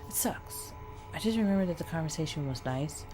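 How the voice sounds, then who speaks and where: Casting: woman vlogger, animated storyteller with a pitch that swings high and low, chatty to-camera delivery, music playing underneath. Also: brisk. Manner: expressive, chatty, talks to viewers as y'all.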